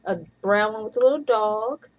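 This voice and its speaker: A woman's voice: fairly high pitch, normal speed, rough recording. A woman in her thirties from Atlanta, chatting casually and playfully in a home video blog. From Atlanta, USA. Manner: chatty and playful, with bursts of laughter. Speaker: vlogger. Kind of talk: casual vlog chat.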